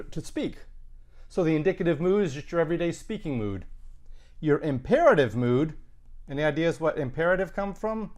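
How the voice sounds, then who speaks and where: A man's voice: on the high side, darkish tone. A middle-aged man teaching a recorded Latin grammar lesson, conversational and emphatic with punchy asides.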